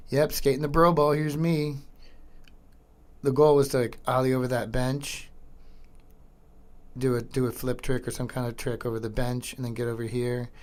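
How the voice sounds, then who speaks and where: A middle-aged man hosting a podcast, commenting casually and excitedly over old skateboarding footage, slangy and swearing. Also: medium pitch, normal speed, long pauses. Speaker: podcast host.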